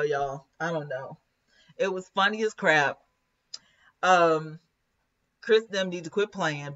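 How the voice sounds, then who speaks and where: A woman's voice: lowish voice, fairly bright tone, muffled recording. A woman hosting a live commentary stream, chatting casually, laughing often and reading viewer comments aloud.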